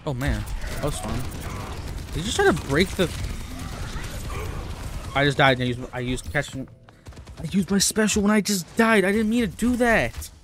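A young man excitedly commentating his own gameplay, trash-talking and pleading with teammates. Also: on the high side, moderate pace, long pauses, slight background noise. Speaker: gamer streaming gameplay.

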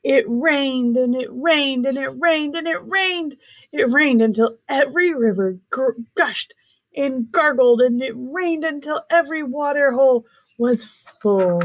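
A woman teacher reading a picture book aloud to preschoolers in a warm, expressive sing-song voice. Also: high-pitched, low-quality recording. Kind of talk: children's read-aloud.

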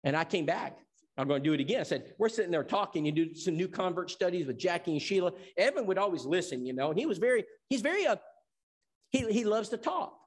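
A man from Tennessee preaches to a congregation with a fairly high, animated voice. He tells stories emphatically and swoops up and down as he presses his points. He drops soft when he wants a line to sink in. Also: quick pace. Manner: emphatic storyteller acting out dialogue. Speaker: evangelism seminar teacher. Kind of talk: sermon.

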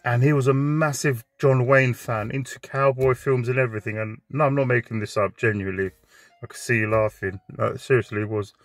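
A man's voice: medium pitch, steady tone, a little fast, dry recording. A man telling a crude comic story in a chatty, joking way.

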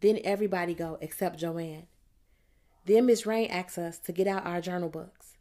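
A woman narrating an audiobook in the first person, telling the story in a plain, measured way. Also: fairly low pitch, fairly even intonation, dark tone.

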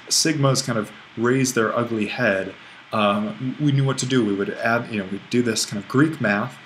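A man's voice: mid-range voice, a bit bright, slight background noise, low-quality recording. A man teaching a recorded online language lesson, explaining at an easy pace with restarts and small self-corrections. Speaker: Greek language instructor.

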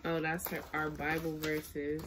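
A woman's voice: low-pitched, little pitch movement, a little slow, noisy background. A young woman chatting casually to camera as a vlogger, often apologizing and talking to her baby while she looks through letters.

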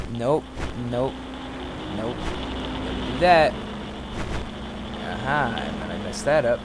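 A man's voice: mid-range voice, very slow, long pauses. A young man commenting on a game as he plays, frantically repeating no and yelping. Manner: frantic, repeats "no" over and over, sudden yelps. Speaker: gamer. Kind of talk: let's play commentary. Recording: loud steady background noise.

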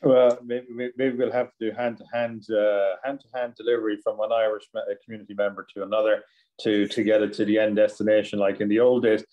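A man's voice: lowish voice, level tone, fast, dull audio. A man moderating a video-call Q&A with a friendly, hesitant manner full of fillers. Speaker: moderator reading out questions.

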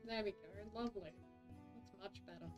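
A woman streaming a game, reading its text aloud and muttering quiet asides while she builds. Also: medium pitch, a little fast, over music, rough recording.

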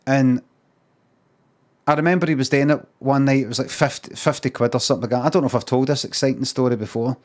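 A man's voice: mid-range voice, steady tone, fast. A Scottish man telling a rambling, sweary anecdote on a live stream. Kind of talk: casual storytelling on a live stream.

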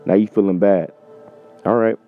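A man's voice: on the low side, fairly even intonation, moderate pace. Emphatic, profane male preacher on a tinny line. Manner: profane, emphatic, repeats "man". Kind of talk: informal preaching with scripture reading. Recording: tinny phone-like sound with faint music.

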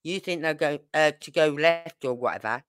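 An older Brummie woman from Birmingham, England hosts a true crime livestream, her low voice clean and moderately paced in a dry, studio-quality recording. She chats in a rambling way, dropping in exasperated asides.

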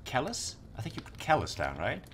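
A man's voice: medium pitch, huge pitch swings, a little fast, background noise. A young man doing casual let's-play commentary, laid-back, swearing now and then and reading game text aloud. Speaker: gaming streamer.

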